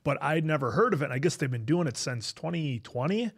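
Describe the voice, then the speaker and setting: A man's voice: fairly high pitch, lively intonation, quick pace, breathy edge. A man co-hosting a podcast, chatting casually in a rambling way and reading viewer messages aloud. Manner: rambling, reads viewer super chats aloud. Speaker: podcast co-host. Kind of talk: casual chat.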